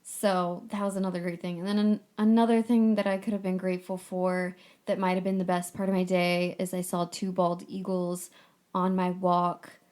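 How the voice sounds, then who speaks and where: A woman's voice: lowish voice, darkish tone. A woman hosting a casual solo podcast, talking in a chatty, upbeat and playful way with casual swearing. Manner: playful, breezy. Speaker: podcast host.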